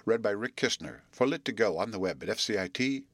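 A man calmly reading a chapter of an adventure book aloud as an audiobook narrator. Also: lowish voice, a little fast, creaky, no echo. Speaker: audiobook reader. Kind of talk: storybook narration.

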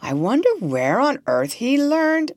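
Woman reading as an eager excitable male doctor, breathless exclamations, storybook, lively rising voice, dry close sound. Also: high-pitched, measured pace, no room sound, pitched above the performer's own voice. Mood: puzzled.

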